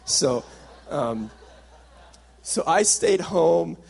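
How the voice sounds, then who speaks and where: A man's voice: on the high side, big pitch swings, very slow, vocal fry, darkish tone. A young adult man giving a sermon-style workshop talk, telling a personal story and acting out what he and others once said. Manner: storytelling, acts out his past self and others in quotes. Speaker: workshop speaker.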